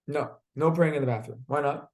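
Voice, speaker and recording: A man teaching a class, asking students questions and telling stories in a lively way. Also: on the high side, a little fast. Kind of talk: classroom lesson with storytelling.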